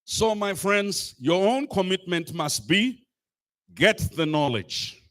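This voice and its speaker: A man giving a rousing public speech to a youth assembly, emphatic and full of rhetorical repetition, at times rising to a shout. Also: high-pitched, animated, slow pace. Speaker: speaker addressing a youth climate assembly. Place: live event stage.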